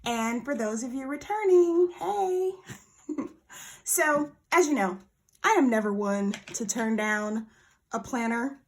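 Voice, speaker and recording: A bubbly woman talks through an unboxing in a relaxed, chatty way. Her voice sits a little higher than most and jumps up when something excites her. She drifts from the mic now and then as she handles things. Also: slow. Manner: bubbly and excitable, gushes over small surprises. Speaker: planner vlogger. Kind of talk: casual unboxing chat.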